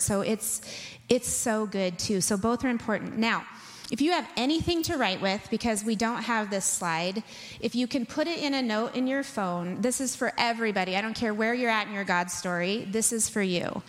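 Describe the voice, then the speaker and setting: A woman pastor giving a sermon in church, conversational and telling stories with humor. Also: fairly high pitch. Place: church sanctuary. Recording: long hall reverb.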